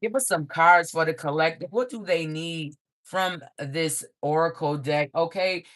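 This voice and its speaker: Profane, lively man reading tarot cards. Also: fairly high pitch, a little slow. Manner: profane, frequent "okay?" check-ins; animated, laughs often. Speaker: tarot reader.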